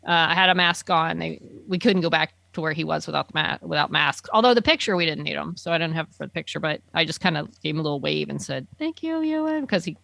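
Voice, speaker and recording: A woman's voice: low-pitched, fairly even intonation, fast talker, creaky, few pauses, bright, forceful tone, dry recording. A woman chatting casually, telling an enthusiastic story full of fillers like "um" and "like". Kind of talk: casual chat.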